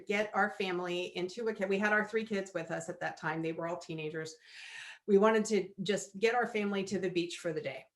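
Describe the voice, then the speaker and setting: A woman telling a personal story as a guest speaker at a church service, acting out the dialogue with lively energy. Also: medium pitch. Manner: lively storyteller who acts out quoted dialogue.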